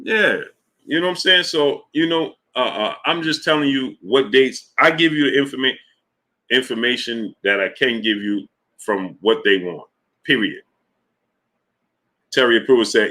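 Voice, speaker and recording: A man hosting a boxing livestream, talking casually to his chat in an animated, emphatic way, often repeating himself. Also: mid-range voice, normal speed. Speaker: boxing show host.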